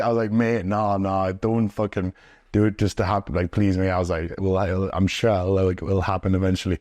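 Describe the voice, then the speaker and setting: A young man, talking low and deep. He rambles through stories in a casual, sweary way, full of fillers. The sound is dry and close. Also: flat delivery, brisk, darkish tone, no room sound. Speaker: interviewee, pro wrestler. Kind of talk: casual storytelling. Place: indoors, sit-down interview.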